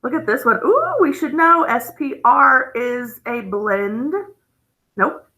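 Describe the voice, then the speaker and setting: A woman teaching a phonics lesson, explaining patiently with gentle enthusiasm. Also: on the high side, very animated, slow pace, rough recording.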